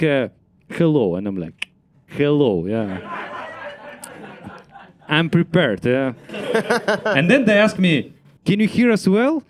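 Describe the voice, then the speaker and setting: Animated man telling stories with frequent laughter. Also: a little high. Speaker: comedian. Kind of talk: casual panel chat on stage.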